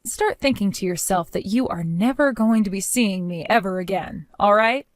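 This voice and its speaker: Female narrator, mid-pitched, measured and unhurried, dry booth sound. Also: no room sound. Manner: cool, measured and matter-of-fact. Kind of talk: scripted story narration.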